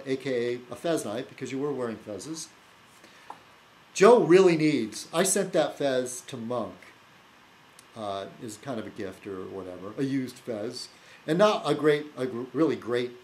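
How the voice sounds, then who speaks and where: A man talking casually to camera as a video blogger, rambling and teasing, halting often with fillers and restarts and chuckling to himself. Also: medium pitch, darkish tone, slight background noise, rough recording. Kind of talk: rambling casual vlog chat.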